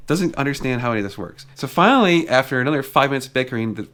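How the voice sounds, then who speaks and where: A man's voice: mid-range voice, expressive, very fast, a bit bright. A man vlogging in a casual storytelling style, talking chattily and peppering his retelling with "like". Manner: chatty, retells exchanges with lots of "like" fillers. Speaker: car vlogger.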